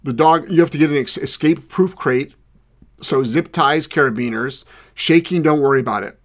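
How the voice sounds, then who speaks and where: A man hosting a live dog training podcast, talking loudly and rambling in an excitable, casual way. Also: mid-range voice, normal speed. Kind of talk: casual live show chat.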